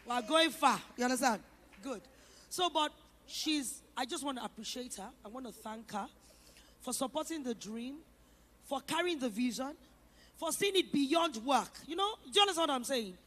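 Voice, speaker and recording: High-pitched lady on a conference stage, sharp bright tone, gushing thank yous, keeps repeating herself. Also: lively intonation, moderate pace. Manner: effusive and emotional, repeating herself. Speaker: event founder and host. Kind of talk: stage thank-you speech.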